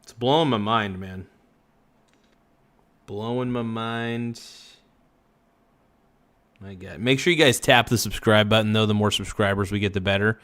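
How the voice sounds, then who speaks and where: A man's voice: lowish voice, steady tone, a little slow, long pauses, a bit bright. A man hosting a casual reaction livestream, rambling loosely and swearing freely. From Oregon.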